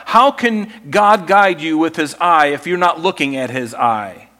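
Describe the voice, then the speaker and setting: Male pastor, slightly high voice; chatty, animated storytelling sermon delivery. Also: unhurried. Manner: conversational, animated storytelling preacher.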